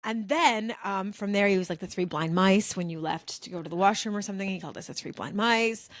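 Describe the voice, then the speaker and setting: A woman co-hosting a podcast, animated as she tells a story and acts out the people in it. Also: medium pitch, fairly quick, dry recording, studio quality. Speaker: podcast co-host. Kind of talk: casual chat.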